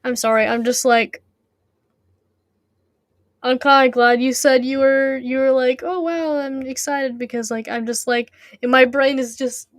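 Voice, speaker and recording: High-voiced chatty woman streamer. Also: level tone, a little slow, long pauses, no room sound, clean studio sound. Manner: chatty and rambling, laughs often, many restarts. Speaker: audiobook reader and streamer. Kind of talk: live-streamed reading with chat banter.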